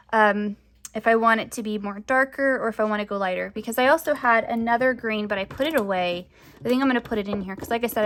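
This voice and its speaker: A young crafting vlogger chats casually to camera, rambling with lots of fillers, and her voice often rises at the ends of sentences. It is mid-range and fairly bright.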